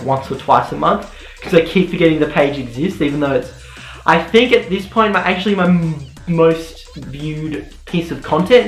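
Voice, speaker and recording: A young man rants sarcastically through a jokey commentary, his voice jumping around as he mocks and riffs. The room rings with a clear echo, and soft music plays faintly underneath. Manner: sarcastic, mock-ranting, jumpy pitch. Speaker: YouTuber commentator. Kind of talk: rambling comedic commentary.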